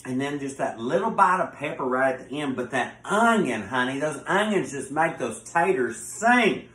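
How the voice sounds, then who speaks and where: A man's voice: medium pitch, lively intonation, moderate pace, fairly bright tone. A man with a Southern US accent hosting a home cooking show, folksy and effusive, calling his viewers honey. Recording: echoey room.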